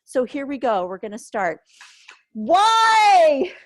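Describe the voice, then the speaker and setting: A woman leading an online grief yoga session, giving soft, gentle guidance through a headset mic. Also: sits high, measured pace.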